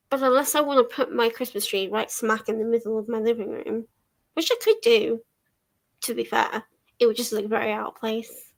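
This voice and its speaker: A woman's voice: a little high, a bit bright. A young woman chatting casually on a livestream from her living room, laughing often and swearing lightly as she answers viewers. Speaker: livestream host. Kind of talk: casual chat while reading chat aloud.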